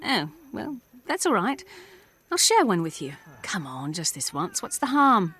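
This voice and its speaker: A woman's voice: mid-range voice, big pitch swings, measured pace, fairly bright tone, slightly rough, heavily acted. A woman voicing a scheming female plant-person in a video game, coaxing and wheedling.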